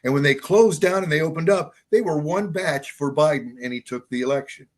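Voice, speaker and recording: A man's voice: on the high side, a little fast. Insistent older man, talk-show guest. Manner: insistent, conspiratorial, repetitive. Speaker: guest, local party chair. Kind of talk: political interview.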